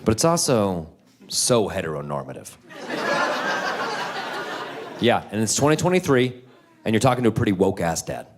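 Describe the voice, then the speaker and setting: A man in his thirties doing a stand-up comedy set, animated, jumping into loud high-pitched voices for kids and teachers. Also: brisk. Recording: live in a theater with crowd laughter.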